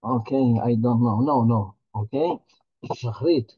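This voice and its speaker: A man, a rabbi, teaching a holiday Torah class in a halting, earnest way, often repeating his words. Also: mid-range voice, husky, dull audio.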